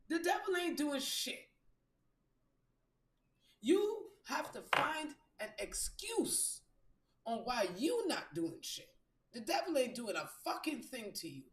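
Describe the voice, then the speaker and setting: Speaking in a mid-range voice, a spiritual reader on a live stream gives a profane, blunt pep talk and keeps repeating phrases to drive them home. The recording carries a roomy echo.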